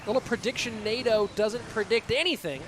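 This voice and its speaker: A man's voice: sits high, a little fast, noisy background. A man in his thirties casting a live online game match and chatting casually with his viewers. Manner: casual, chatty, reads donations aloud. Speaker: esports caster and streamer. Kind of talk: live esports commentary and chat.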